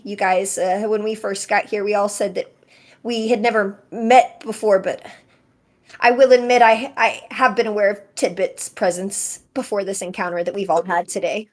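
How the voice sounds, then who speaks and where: A woman's voice: mid-range voice, fairly even intonation, moderate pace. Stammering, hesitant woman player. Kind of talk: in-character tabletop role-play.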